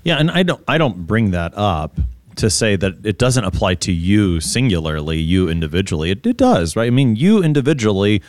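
A man's voice: fairly low pitch, big pitch swings, normal speed, a little mellow, dry recording, studio quality. A man hosting a conversational Bible study discussion, asking questions and explaining the grammar of the text. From United States. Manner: leads with questions, reads scripture aloud, explains grammar.

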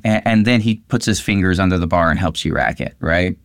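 This pastor has a deep, gravelly voice and a brisk delivery, with no room sound. Talking casually about a Bible passage, he animatedly acts out quoted lines in a lifted voice.

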